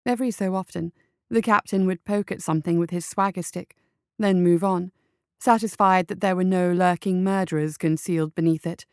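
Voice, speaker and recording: A woman narrating a story as an audiobook, in a measured, even storytelling manner. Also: lowish voice, clean tone, no echo, clean studio sound.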